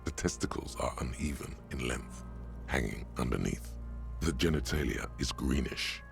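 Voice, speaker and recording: A man voicing a grim, darkly sardonic game narrator with a deep, gravelly voice and a slow, morbid delivery. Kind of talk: video game voice acting. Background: faint game music.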